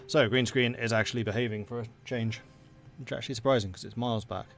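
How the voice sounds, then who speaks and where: A man's voice: mid-range voice, fairly even intonation, quick pace, faint music behind. A man casually commenting on a strategy game during a live stream, chatty and thinking aloud with frequent fillers.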